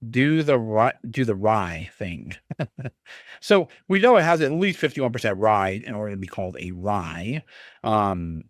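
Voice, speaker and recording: A man's voice: deep voice, no echo, studio quality. A man hosting a podcast, talking casually and rambling with chuckles and fillers while tasting whiskey. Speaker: podcast host.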